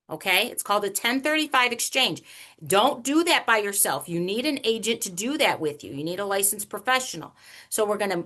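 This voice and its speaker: Bright chatty lady running an online money class, kinda high voice, asks the room stuff. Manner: chatty, animated, teasing the audience with questions. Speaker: financial workshop presenter. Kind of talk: online workshop lecture.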